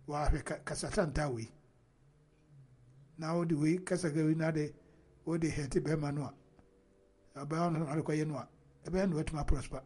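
A man's voice: a little high, moderate pace, pauses often, darkish tone, breathy edge. A Ghanaian man giving casual commentary on a video, switching between Twi and English and reading a news report aloud between remarks. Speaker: online commentator.

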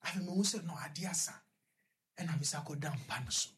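A man with a Ghanaian accent, a guest on a radio talk show, telling a personal story in a halting, rambling way, full of fillers and restarts. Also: fairly high pitch, a bit bright, breathy edge. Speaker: guest recounting his experience.

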